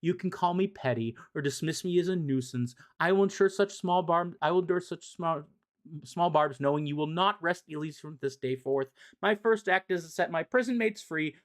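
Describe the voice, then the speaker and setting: A patient, spiteful immortal villain speaks in stiff, lofty sentences, promising revenge across generations. A streamer reads the part aloud at a steady, mid-range pitch, close to their normal talking voice. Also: normal speed, lightly acted. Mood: menacing. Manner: formal, haughty phrasing.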